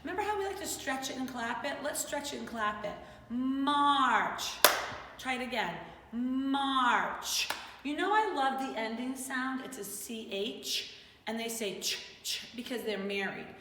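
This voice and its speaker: A woman's voice: fairly high pitch, a bit bright, a little hiss or hum. A woman teaching young children in an online class in an upbeat, coaxing, sing-song manner. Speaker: kindergarten teacher. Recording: roomy echo, distant mic, faint ambience.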